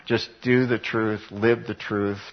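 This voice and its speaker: In a church sanctuary, a male pastor preaches a conversational sermon to his congregation and fills it with rhetorical questions. His voice sits on the low side with little pitch movement, and he speaks slowly. The sound quality is lo-fi.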